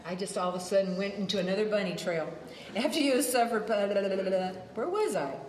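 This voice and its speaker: A woman's voice: mid-range voice, lively intonation, fast talker, darkish tone, roomy sound, a little hiss or hum, rough recording. A woman preaching a sermon, emphatic, repeating her phrases and drifting into side stories.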